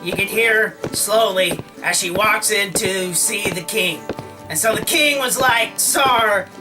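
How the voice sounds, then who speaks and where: A man's voice: high-pitched, takes it slowly, far from the mic, music in the background, rough recording. A man casually retelling an old story in a slangy, comic way, often acting out the characters' lines. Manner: slangy, full of "like", acts out lines.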